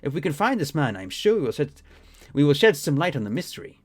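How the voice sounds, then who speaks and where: A man reading the lines of a weakened, learned gentleman in a measured, formal way. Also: on the high side, big pitch swings, slightly rough. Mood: grave.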